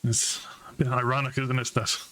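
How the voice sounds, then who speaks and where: A man narrating a tabletop game as game master, relaxed and quick to laugh. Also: mid-range voice.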